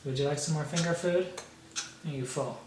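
Doting dad talking baby talk, echoey. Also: male voice, on the high side, brisk. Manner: doting, gentle, playful coaxing. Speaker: father feeding his baby. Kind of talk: baby talk during lunch. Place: home, at a baby's mealtime. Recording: echoey room, far from mic, loud background noise.

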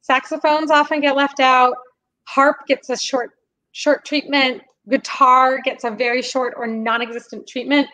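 High-voiced woman explaining eagerly. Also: a little slow, low-quality recording. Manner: animated, explanatory, laughs while talking. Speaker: podcast guest, singer and composer. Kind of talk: conversational interview.

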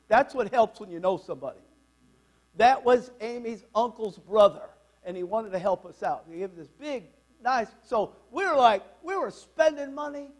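A man in his sixties preaching a fervent, worked-up sermon in church. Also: very high voice. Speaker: pastor.

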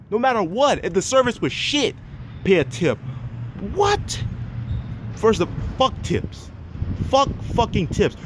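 Angry guy ranting and cussing nonstop, kinda high voice, little bit of car noise behind. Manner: heated, swearing constantly, repeating himself. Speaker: vlogger. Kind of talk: profane angry rant.

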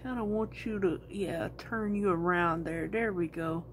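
A woman's voice: on the low side, a little slow, a little hiss or hum. A woman talking casually to her viewers while she makes resin crafts, thinking aloud and rambling as she works.

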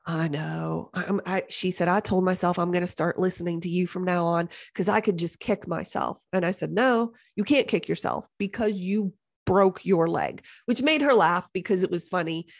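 Animated, joking woman podcast host. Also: lowish voice, normal speed. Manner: animated, exasperated, joking, jumps into voices of others. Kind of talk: casual storytelling monologue.

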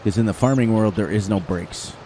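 A man's voice: on the low side, mellow, a little hiss or hum. A man with an upstate New York accent giving chatty gameplay commentary, laughing often and breaking into bits of song. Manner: chatty, quick to laugh, sings snatches of songs. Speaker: gaming channel host.

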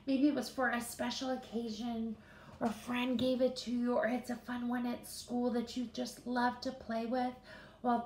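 Storytime reader, female, warm-toned coaxing delivery, roomy echo with faint noise. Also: sits high, vocal fry, recorded from a distance. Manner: gentle, encouraging, asks the children questions. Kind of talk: children's read-aloud.

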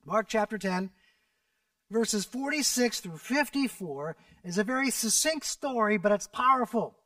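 A man preaching a sermon as pastor, animated and dramatic, rising to shouts and dropping to near whispers as he retells a story. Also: sits high, a little slow, dry recording, distant mic. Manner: animated, acts out scripture voices, drops to a near whisper at times.

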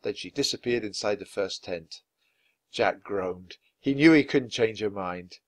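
A man reading a children's chapter book aloud at a clear, natural pace for language learners. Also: lowish voice, measured pace. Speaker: storyteller.

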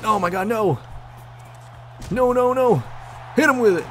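A man commentating on his own gameplay, excitable, swearing and yelling at the game. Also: high voice, a little slow, faint music behind. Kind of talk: let's play commentary.

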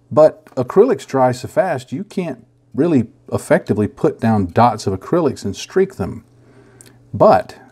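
A middle-aged man hosting a scale modeling how-to in a casual, easygoing way, chuckling at himself and pausing with fillers. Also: medium pitch, mellow. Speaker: scale modeling tutorial host.

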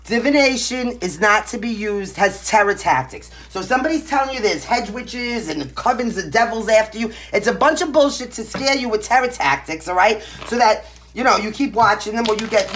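A woman's voice: on the high side, a little hiss or hum. Brassy Brooklyn woman reading tarot. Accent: Brooklyn New York. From Brooklyn, New York. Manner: blunt, brassy and emphatic, with frequent "right?" and "okay?" tags. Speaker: tarot reader. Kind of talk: casual tarot reading to camera.

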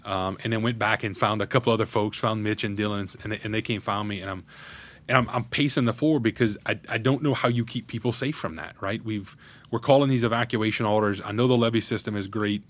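Fast-talking man in his thirties. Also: on the low side, steady tone. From Louisiana, USA. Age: 30s. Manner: earnest, candid, recounting a crisis in detail. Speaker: parish president, podcast guest. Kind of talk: interview storytelling.

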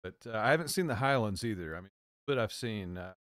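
Halting man chatting, lowish voice. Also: expressive, fairly bright tone, no room sound. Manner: halting, rambling, many fillers. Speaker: co-host. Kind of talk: casual chat.

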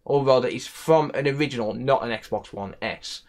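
A man's voice: medium pitch, moderate pace. A young man with a West Midlands English accent, an electronics repair technician ranting in a casual vlog, annoyed and repeating himself. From England.

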